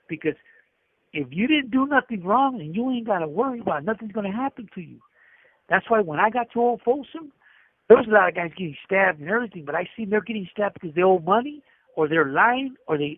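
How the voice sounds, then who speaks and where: A man's voice: high-pitched, no echo. A middle-aged man, an inmate, telling a rambling story and acting out the dialogue with many restarts, over a phone call. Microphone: prison telephone. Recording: tinny dry phone line.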